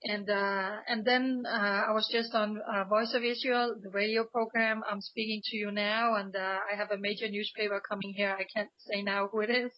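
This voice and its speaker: A woman's voice: mid-range voice, level tone, normal speed, hardly any pauses, muffled recording. A woman from Denmark, a guest on a radio interview, speaking with emphatic passion and frequent restarts. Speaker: guest, pro-Israel activist.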